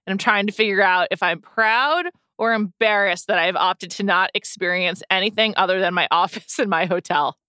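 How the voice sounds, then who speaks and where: A woman in her thirties co-hosting a podcast in casual chat, chatty and quick to laugh at herself. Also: medium pitch, pushed and bright, clean tone, no echo, studio quality. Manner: chatty, laughs often, self-deprecating. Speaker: podcast co-host.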